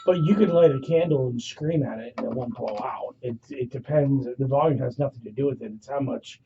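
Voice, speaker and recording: A man chatting on a live radio show, talking quickly and casually with the host. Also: mid-range voice, mellow, slight background noise. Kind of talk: casual on-air banter. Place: radio studio. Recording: dull lo-fi radio broadcast sound.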